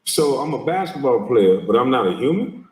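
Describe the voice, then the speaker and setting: Reacting to a video clip, this host is combative and scornful, cursing heavily as he goes. He speaks in a mid-range, slightly mellow voice, very animated at an ordinary pace, picked up from a distance in a reverberant room.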